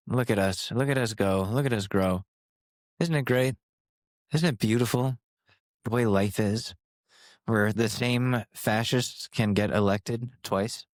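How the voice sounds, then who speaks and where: His mid-range voice comes through with no echo on a studio microphone run through a compressor. He's a man in his twenties hosting his own podcast, carrying on a casual solo monologue that's rambling, sarcastic, and profane.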